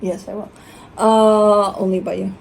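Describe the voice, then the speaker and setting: Mellow-voiced woman cooing at her dog. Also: medium pitch, little pitch movement, a little slow, vocal fry, slight background noise, low-quality recording. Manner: playful sing-song baby talk to her dog. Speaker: tarot reader and channel host. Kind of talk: casual vlog chat.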